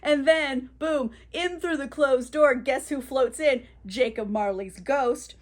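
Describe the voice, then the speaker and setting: A woman's voice: high voice, takes it slowly. A woman recapping a classic novel for her book vlog in a chatty, filler-heavy, swearing manner. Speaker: book vlogger.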